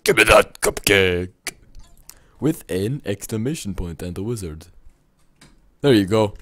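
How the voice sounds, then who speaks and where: A man doing gaming commentary, excitable, yelping and shouting at what happens in the game. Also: on the low side, unhurried, long pauses, dry recording, studio quality. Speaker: let's play gamer.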